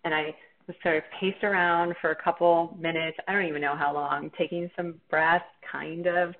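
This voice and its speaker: A woman teacher telling a personal story in a candid, reflective, self-deprecating way. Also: low voice. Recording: tinny phone-like line.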